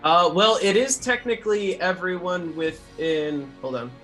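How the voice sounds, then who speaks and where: A man's voice: high voice, unhurried, a bit bright, soft background music. A man playing a tabletop game who speaks eagerly and checks the rules aloud. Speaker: player.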